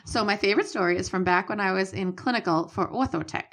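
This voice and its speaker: A woman's voice: mid-range voice, fast, a bit bright. A woman with a Boston accent, co-hosting a podcast and reading listener letters aloud in a plain, matter-of-fact way. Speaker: podcast co-host.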